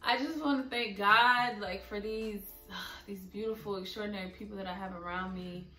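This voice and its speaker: A woman's voice: medium pitch, steady tone, normal speed. A young woman speaking earnestly and openly emotional in a personal vlog. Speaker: vlogger. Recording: echoey room, a bit far from mic, soft music.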